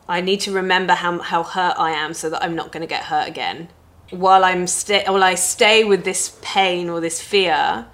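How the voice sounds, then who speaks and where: A woman's voice: mid-range voice, a bit bright. Candid woman talking it through. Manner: candid, conversational, swears casually. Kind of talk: reflective personal monologue.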